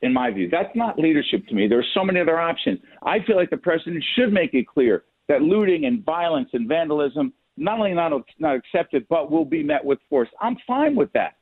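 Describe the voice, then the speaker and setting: A man appearing as a guest on a radio show, speaking earnestly and pressing his point in a measured way. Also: fairly high pitch, big pitch swings, husky. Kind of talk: talk radio interview. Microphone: phone. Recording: tinny phone line, dry.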